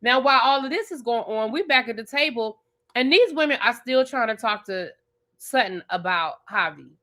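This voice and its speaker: A woman's voice: fairly high pitch, normal speed. A woman hosting a live TV review, ranting bluntly and with plenty of profanity, and talking straight at the people on the show. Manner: animated, blunt and profane, talks straight at the show's cast. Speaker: TV show reviewer and channel host.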